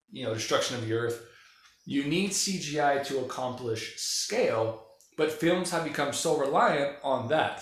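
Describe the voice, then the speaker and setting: A man's voice: mid-range voice, a bit bright. A man giving an opinionated, rambling, profane casual monologue about films. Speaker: film commentator. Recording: very echoey room.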